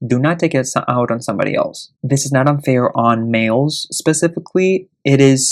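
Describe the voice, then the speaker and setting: A man hosting a casual show, reading online stories aloud and giving blunt, profane, indignant verdicts on them. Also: medium pitch.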